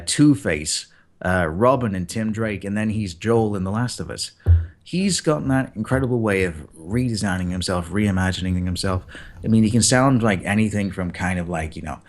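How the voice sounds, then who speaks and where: Lower-voiced man talking animatedly about acting. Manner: animated, acts out example lines. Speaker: guest voice actor. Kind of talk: casual interview chat.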